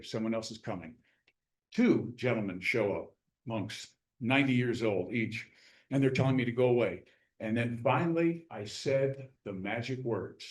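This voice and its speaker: Guy telling a story at a club meeting, lively, does the voices of people he met, echoey room. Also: mid-range voice. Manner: animated storyteller, acts out quoted people. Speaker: guest speaker, author. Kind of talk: casual storytelling talk.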